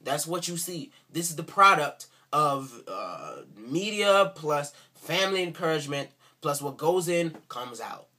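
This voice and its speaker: A man's voice: fairly high pitch, sing-song, unhurried, few pauses, pushed and bright. A man speaking in an indignant, sarcastic rant for a response video, repeating himself for emphasis. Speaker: video commentator.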